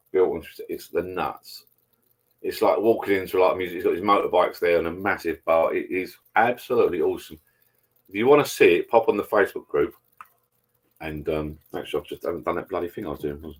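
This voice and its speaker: Bloke, deep husky voice, rambling live-stream host chatting to viewers over a pint. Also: male voice. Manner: chatty, meandering, swears casually. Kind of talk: casual rambling chat with viewers over beers.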